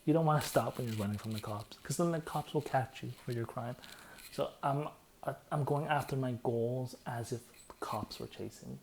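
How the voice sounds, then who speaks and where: A man giving a casual comedic breakdown of song lyrics, excitable and laughing often, sometimes dropping into hushed breathy asides. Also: medium pitch, normal speed, a little hiss or hum.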